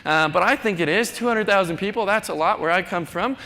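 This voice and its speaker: A man's voice: brisk, bright, forceful tone. A man in his thirties from North Dakota giving a chatty, self-deprecating conference talk in a large hall. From North Dakota, USA. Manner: chatty, self-deprecating, acts out quoted people in a higher voice. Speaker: conference speaker. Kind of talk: keynote talk. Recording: long hall reverb, faint noise.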